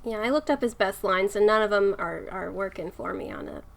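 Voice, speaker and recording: A woman's voice: mid-range voice, brisk, creaky. A woman co-hosting a podcast in casual chat, giggly and self-conscious, laughing often. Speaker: podcast co-host.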